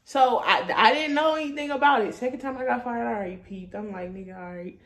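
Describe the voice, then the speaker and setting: A woman's voice: on the high side, quick pace. A woman in her twenties, a vlogger, telling a casual story in blunt, profane slang and laughing as she goes.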